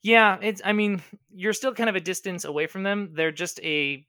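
Bright, crisp-voiced male game master. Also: sits high, dry recording, clean studio sound. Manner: descriptive, unhurried with frequent ums. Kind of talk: narrating a tabletop game.

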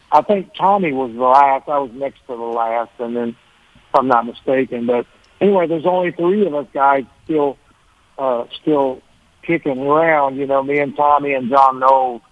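Heard over a tinny phone line with no room sound, a male guest musician with a medium-pitched voice tells rambling stories in a casual interview. He often corrects himself, restarts, and chuckles along the way.

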